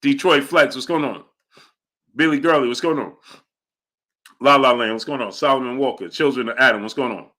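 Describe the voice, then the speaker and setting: A man's voice: mid-range voice, a little fast, long pauses. A young man hosts a live boxing stream. He reads viewer messages aloud and repeats his points with emphasis. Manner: animated, emphatic, repeats lines for effect. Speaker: boxing livestream host. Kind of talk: live stream chat, reading Super Chats.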